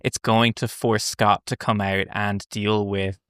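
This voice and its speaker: Smooth, low-voiced man musing on a podcast. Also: level tone, a little slow, a bit bright, no echo, studio quality. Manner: thoughtful, asks questions. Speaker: podcast co-host. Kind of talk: casual chat.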